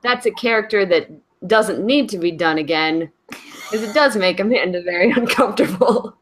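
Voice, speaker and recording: A woman co-hosting a comedy podcast, making wry, deadpan remarks in casual chat. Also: mid-range voice, normal speed. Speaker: podcast co-host.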